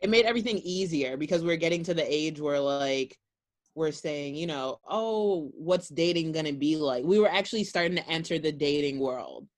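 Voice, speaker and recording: A woman's voice: sits low, lively intonation, normal speed. Curious young woman chatting. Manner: curious, asks questions, teasing. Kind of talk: casual chat among friends.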